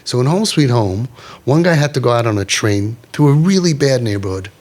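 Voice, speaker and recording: A man's voice: medium pitch, expressive, a little fast, darkish tone. A middle-aged man leading a parents' group, talking emphatically and repeating himself, with Yiddish and Hebrew words mixed in. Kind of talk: animated talk to a parents' group.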